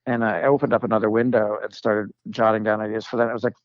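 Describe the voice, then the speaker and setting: A man's voice: on the low side, flat delivery, fast, no echo, lo-fi sound. Rambling man telling a stoner story. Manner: rambling, many "like"s and restarts, acts out quoted voices. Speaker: podcast guest, comedic actor. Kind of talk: casual storytelling chat.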